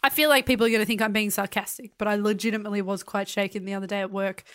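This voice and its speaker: A woman with an Australian accent, co-hosting a comedy podcast and telling stories in an animated, casual way. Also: medium pitch, very fast, clear, resonant tone. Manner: animated storytelling, swearing. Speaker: podcast co-host.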